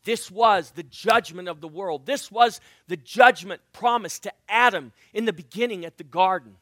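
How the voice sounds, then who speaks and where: Male pastor, high bright tenor, dry close mic, sermon that surges loud then drops to a hush. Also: moderate pace, dry recording. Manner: dramatic swings from loud proclaiming to hushed near-whisper; acts out Bible voices with playful asides.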